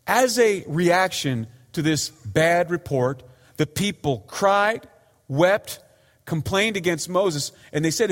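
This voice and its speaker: A man delivers a sermon in a fairly high voice, earnestly pleading with his listeners and lifting and dropping his voice for emphasis. The long reverb of a church hall trails after his words. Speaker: pastor.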